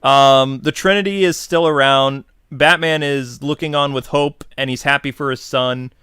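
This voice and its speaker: A man's voice: mid-range voice, fairly even intonation, moderate pace, sharp tone, smooth, no room sound, studio quality. A man giving a casual, slangy film review that swings from laid-back to exasperated.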